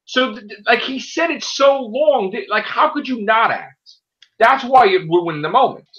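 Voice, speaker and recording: A man talks in a loose, casual chat and rants with plenty of swearing. His pitch leaps up and down as he gets worked up. His tone is bright and forceful. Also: normal speed, dull audio. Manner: animated, profane ranting. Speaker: podcast host.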